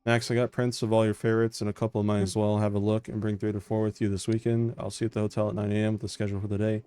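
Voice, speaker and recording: A male streamer reading video game messages and journal entries aloud in a deadpan, flat delivery. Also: fairly low pitch, rapid-fire, clear, resonant tone, no echo.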